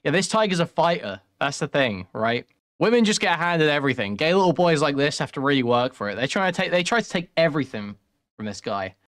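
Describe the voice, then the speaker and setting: A man's voice: on the high side, animated, fast talker, a bit bright, dry recording, studio quality. A man co-hosting casual commentary, blunt and joking, laughing often. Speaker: co-host commentator.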